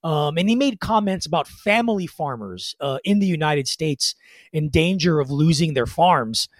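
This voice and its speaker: Guy cohosting a music podcast, kinda high voice, rambles w lots of ums, dry close mic. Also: animated, moderate pace, no room sound. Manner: rambling, loose delivery with many fillers. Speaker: podcast co-host. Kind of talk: casual chat about music history.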